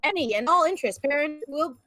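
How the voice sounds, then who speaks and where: A woman putting on a brisk 1920s newsreel announcer voice to read out the news. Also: high voice, expressive, a bit bright. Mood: mock-grave. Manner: old-time announcer cadence. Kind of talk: mock news reading.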